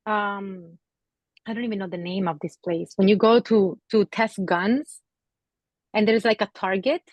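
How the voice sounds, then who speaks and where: Woman, psychic medium, gentle hesitant delivery, lots of fillers, dry close sound. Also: medium pitch, measured pace, no room sound, muffled recording. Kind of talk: gallery reading to an audience member.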